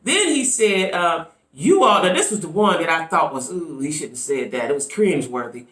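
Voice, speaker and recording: Animated woman vlogger in a roomy echo. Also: low-pitched, a little fast. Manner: animated, chatty, frequent "right?" asides. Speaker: YouTube commentator. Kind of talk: casual commentary vlog.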